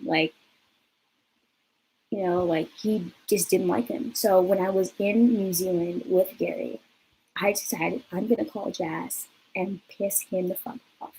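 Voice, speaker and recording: A woman's voice: medium pitch, a little slow, a little hiss or hum, low-quality recording. A young woman in her twenties telling a personal story in a casual vlog, chatty and peppered with "like". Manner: chatty, peppered with "like", lively retelling. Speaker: vlogger.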